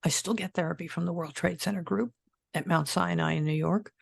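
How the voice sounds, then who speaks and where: Gravelly older woman, frank guest. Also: fairly low pitch, steady tone, brisk, dry recording, clean studio sound. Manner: frank, plainspoken, swears freely. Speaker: guest, former death investigator. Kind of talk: casual interview talk.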